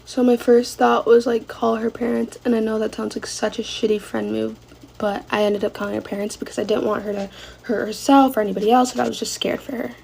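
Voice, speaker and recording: A woman's voice: on the high side, little pitch movement, a little fast, gravelly, darkish tone, husky, rough recording. A young woman telling a dramatic storytime while getting ready, casual and full of swearing.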